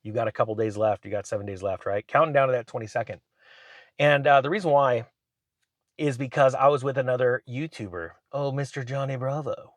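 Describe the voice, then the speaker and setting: A man, a finance YouTuber, telling a rambling, animated story in a casual vlog from inside his truck. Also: mid-range voice, brisk, no room sound.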